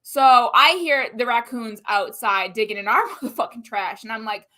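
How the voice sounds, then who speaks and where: A woman co-hosting a casual live-stream chat, telling a story in an animated, profane way. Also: on the high side, normal speed. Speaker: co-host. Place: Central Florida.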